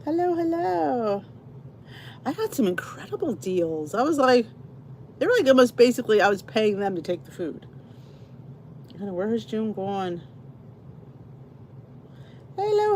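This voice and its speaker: A woman's voice: medium pitch, slight background noise. A middle-aged woman hosting a casual livestream chat, greeting viewers and reading their comments aloud. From New Jersey, US. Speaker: channel host.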